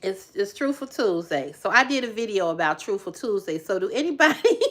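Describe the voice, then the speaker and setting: A woman's voice: mid-range voice, sing-song, brisk. Giggly woman hosting a livestream. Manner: laughs often, exclaims loudly; chatty, teasing, folksy. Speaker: livestream host. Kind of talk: casual livestream chat reading viewer comments.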